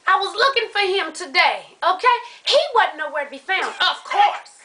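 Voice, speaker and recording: A woman, her voice very high and bright, rants through a casual vlog story. She sounds exasperated and animated, laughing as she goes and cussing freely. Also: normal speed. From Atlanta, USA. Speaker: vlogger.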